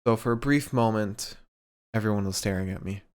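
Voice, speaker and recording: Male podcast co-host, smooth low voice, playful and self-deprecating storyteller. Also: fairly quick, darkish tone. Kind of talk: casual chat, reading comic fan fiction aloud.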